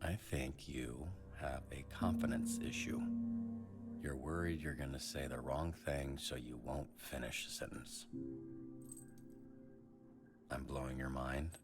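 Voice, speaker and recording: A man's voice: rumbling low, steady tone, a little slow, pauses often. An actor playing a blunt, wry adult man giving frank advice in a game. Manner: dry, frank pep talk. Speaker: game character. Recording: game audio with music behind.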